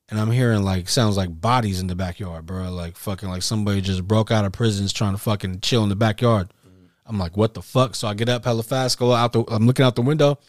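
Male podcast host, mid pitch, animated and profane storyteller, dry close mic. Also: no echo. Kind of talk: casual chat.

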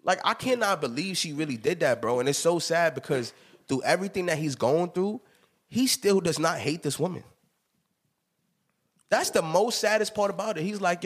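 Animated man telling stories on a podcast. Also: a little high, normal speed, breathy edge. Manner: animated, emphatic storytelling with frequent laughs. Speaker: podcast host. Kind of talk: casual chat.

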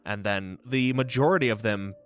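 A man running a tabletop game as game master, narrating in a lively, dramatic way. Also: lowish voice, normal speed, over music.

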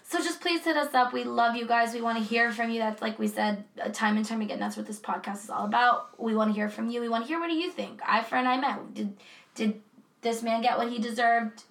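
A woman's voice: a little high, fairly quick, gravelly, fairly bright tone, reverberant. A woman hosting a podcast in casual, effusive chat, laughing easily. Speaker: podcast host.

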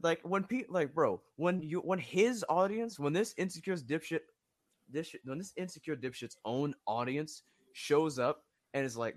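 A man's voice: fairly high pitch, expressive, moderate pace, no room sound. A young man co-hosting a casual podcast chat, ranting and mocking with lots of swearing.

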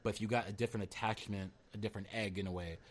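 A man talking at a quick clip in a relaxed, rambling chat. His voice sits on the low side, and he laughs easily and drops the odd swear word. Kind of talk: casual chat.

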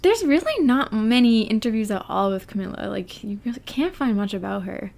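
A woman's voice: on the high side, fairly quick, vocal fry. A woman hosting a chatty podcast, talking casually and often laughing as she reads a transcript aloud. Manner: animated, laughs often while reading. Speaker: podcast host.

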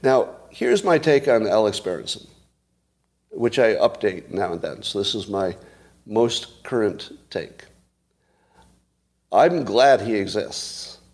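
A man hosting a solo commentary stream, sarcastic, pausing often and putting rhetorical questions to his audience. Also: lowish voice, animated. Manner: halting, many pauses and filler sounds. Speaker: show host.

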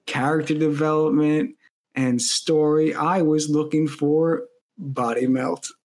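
A man with a fairly high voice chats on a movie podcast. He tells stories about his favorite moments with real enthusiasm. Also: fairly even intonation, slow pace, darkish tone. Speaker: podcast co-host. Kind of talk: casual movie review chat.

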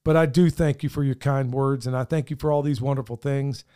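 A man's voice: medium pitch, fairly even intonation, a little fast, mellow, clean tone. A middle-aged man, co-hosting a podcast in earnest, rambling casual chat, his voice wearing thin. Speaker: podcast co-host.

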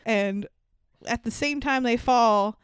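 A woman co-hosting a podcast, casually recapping a movie in animated talk, swearing freely and acting out lines. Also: fairly high pitch, slow, clear, resonant tone, no room sound, studio quality. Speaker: podcast co-host.

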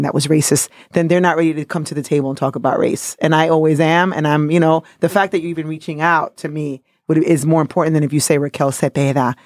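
A woman from New City, co-hosting a podcast in casual chat, animated and joking, cursing freely. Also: low voice, no echo, clean studio sound. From New York City, by way of the Dominican Republic. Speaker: podcast co-host.

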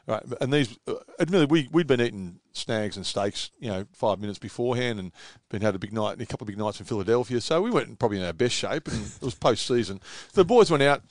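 A man's voice: medium pitch, animated, fast talker, hardly any pauses, no room sound, clean studio sound. A man in his fifties with an Australian accent, a guest telling long rambling anecdotes in casual chat. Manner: rambling anecdotes with many fillers. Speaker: interview guest, former footballer.

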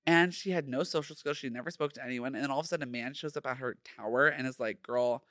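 A man's voice: mid-range voice, fast talker, sharp tone, dry recording, clean studio sound. A young man hosting a casual solo podcast, sassy and playful, full of slang. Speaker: podcast host.

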